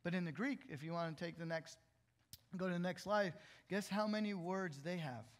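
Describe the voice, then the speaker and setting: A pastor delivers a sermon from the pulpit of a church in a relaxed, conversational way. His voice sits high for a man, and he keeps tossing questions out to his listeners, his energy lifting as he goes. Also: normal speed. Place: church sanctuary.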